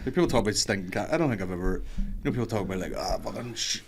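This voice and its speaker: Fast, lively man. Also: lowish voice. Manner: animated, swearing, jokey. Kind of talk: casual podcast chat.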